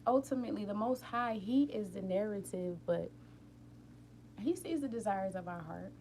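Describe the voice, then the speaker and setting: A woman hosting a casual live stream from home late at night, rambling warmly and talking straight to her viewers about healing and feelings. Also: medium pitch, normal speed, a little hiss or hum. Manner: openly emotional, tearful at times. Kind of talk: casual inspirational chat.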